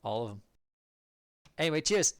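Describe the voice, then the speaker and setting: A man's voice: a little high, big pitch swings, moderate pace, smooth, no echo, clean studio sound, voice pushed up. A man voicing a brash male teammate who calls over the radio, teasing and pushy in a tabletop game.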